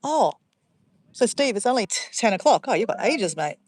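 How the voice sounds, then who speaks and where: An Australian woman talks casually to her livestream viewers while sitting outdoors by a pond. Her voice is mid-pitched and close and dry on the phone mic, and she keeps getting sidetracked as she chats. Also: very animated, normal speed, a little mellow, no echo. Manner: chatty, easily sidetracked, addresses viewers as guys. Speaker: livestream vlogger.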